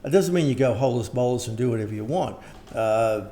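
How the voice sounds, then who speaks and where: An older man, talking casually and rambling as an interviewed teacher, often clearing his throat. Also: medium pitch, expressive, fairly quick, dark tone. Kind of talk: casual conversation.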